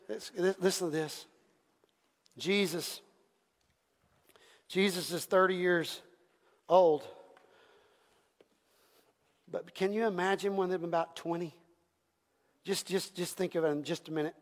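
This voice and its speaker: Male pastor preaching in a reverberant sanctuary with a raised, gravelly voice and a passionate delivery that drops to a hush and climbs to shouts. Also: sits high, unhurried, pauses often. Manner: impassioned preaching, swinging from hushed to shouted. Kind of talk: sermon. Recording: long reverb from a large hall.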